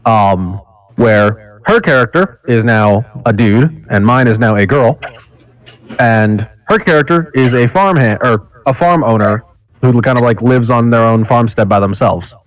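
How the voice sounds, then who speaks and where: A man in casual chat before a tabletop game session. He rambles and often corrects himself mid-sentence, speaking at an everyday mid pitch. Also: unhurried, no echo, low-quality recording. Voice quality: rambling, self-correcting storyteller.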